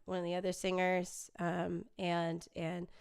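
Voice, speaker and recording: A woman talks to her live-stream viewers in a slow, easy rhythm, her voice smooth and clear. She reads their comments aloud and laughs often as she chats. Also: on the low side, completely flat delivery, darkish tone. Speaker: livestream host reading viewer comments; singer. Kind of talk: casual live-stream chat.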